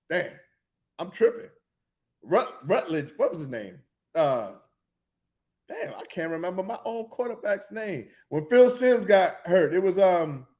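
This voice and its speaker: A man hosting a sports talk podcast rambles excitably and keeps losing his train of thought. His voice sits high and swoops widely between highs and lows.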